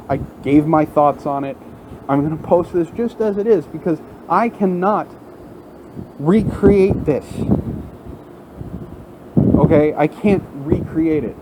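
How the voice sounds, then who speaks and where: A vlogger rants angrily into his phone at work, standing before a large window, in a heated, profane, unscripted outburst. His voice is fairly high-pitched, and background noise can be heard.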